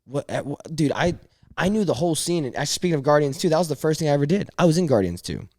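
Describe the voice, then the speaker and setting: A man's voice: on the high side, rapid-fire, no echo, clean studio sound. A man talking as a podcast guest in casual chat, rambling through stories and saying dude and bro a lot. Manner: rambling, animated storyteller, says dude and bro.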